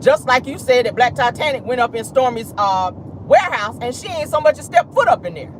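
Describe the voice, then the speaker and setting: A woman's voice: fairly high pitch, lively intonation, a little fast, slight background noise. A woman hosting a celebrity gossip commentary show, blunt, sassy and profane, calling listeners "child" and "baby".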